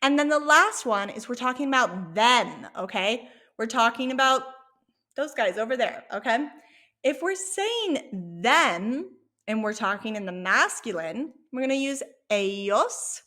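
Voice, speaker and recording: A woman's voice: a little high, expressive, a little slow, bright, forceful tone. A woman teaching an online language lesson, encouraging and repeating words for learners to echo back. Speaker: Spanish teacher.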